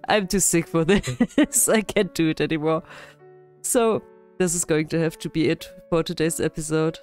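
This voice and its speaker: A woman with a sick, hoarse voice, giving casual, self-deprecating commentary while playing a building game. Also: sits low, moderate pace, darkish tone, faint music behind. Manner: self-deprecating, frequent laughs. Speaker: gaming channel host. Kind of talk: casual let's-play commentary.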